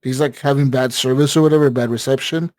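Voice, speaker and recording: A man's voice: medium pitch, steady tone, fast talker, a little mellow, dry recording. A man casually telling a long story on a gaming podcast, rambling with lots of fillers and swearing. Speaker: podcast co-host.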